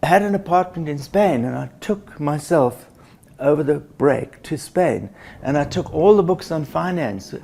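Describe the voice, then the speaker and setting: A man's voice: a little high, animated, measured pace, vocal fry, a little mellow. An older man, a business educator, recounting in an anecdotal way how his work began, with restarts and acted-out dialogue. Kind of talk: reflective storytelling.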